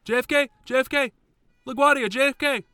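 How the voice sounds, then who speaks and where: A man putting on the voice of a belligerent male cab driver who shouts and hectors. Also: extremely high pitch, fairly even intonation, a little fast, no echo, voice pushed up. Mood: hustling.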